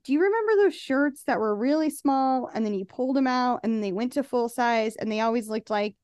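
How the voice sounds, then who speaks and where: A high-pitched woman talks in a loose, sarcastic podcast chat and keeps slipping into little acted-out quotes. Her voice sits close and dry, with no room sound around it. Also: a little fast, a little mellow, dry recording. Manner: chatty, sarcastic, acts out quotes. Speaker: podcast co-host. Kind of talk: casual chat recapping a reality show.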